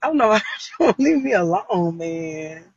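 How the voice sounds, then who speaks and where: A man with a high, husky voice hosts a casual livestream, complaining again and again in an exasperated way. The sound is dry and close, and slightly muffled like lo-fi stream audio. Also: big pitch swings, moderate pace, dry recording. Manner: exasperated, repetitive complaining with frequent laughs. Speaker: livestream host.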